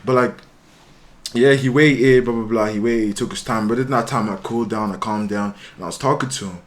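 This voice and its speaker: Fast-talking young man, rambling. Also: mid-range voice, steady tone. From Ireland. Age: young adult. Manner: rambling, many fillers and restarts, acts out quoted voices. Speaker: guest musician. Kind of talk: casual storytelling.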